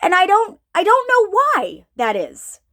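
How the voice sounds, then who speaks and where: A woman preacher with a very high, animated voice that swoops up and down. She delivers an informal sermon in a searching way, repeating herself and putting questions to her listeners. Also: a little slow.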